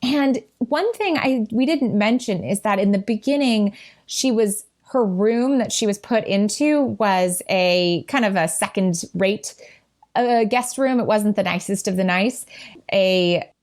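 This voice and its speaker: A woman's voice: medium pitch, darkish tone. A woman co-hosting a podcast, giving thoughtful, earnest commentary on a book in casual chat. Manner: thoughtful, earnest, measured commentary with small restarts. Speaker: podcast co-host.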